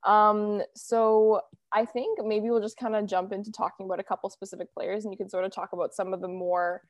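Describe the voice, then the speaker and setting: A woman's voice: mid-range voice, flat delivery, a little fast, dry recording. A young woman hosting a casual chat, talking loosely with many fillers. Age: young adult. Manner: chatty, lots of fillers and "you know". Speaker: podcast host.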